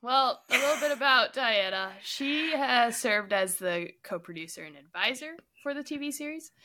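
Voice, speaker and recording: A woman's voice: a little high, lively intonation, normal speed, pushed and bright. A woman hosting a casual book-review podcast, reading background facts aloud and laughing often. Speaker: podcast host.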